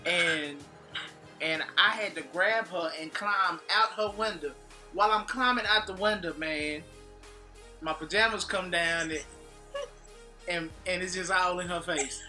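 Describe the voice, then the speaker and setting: Bright-voiced man telling a story. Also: high voice, measured pace. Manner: animated, acts out quotes, laughs often. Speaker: vlogger recounting a fight. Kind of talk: casual storytelling. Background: faint background music.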